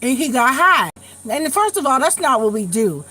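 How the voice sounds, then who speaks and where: A woman in her late forties hosting a live tarot stream, telling stories in a blunt, profane, animated way while getting over a cold. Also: high voice, moderate pace. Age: late 40s. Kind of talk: casual live chat.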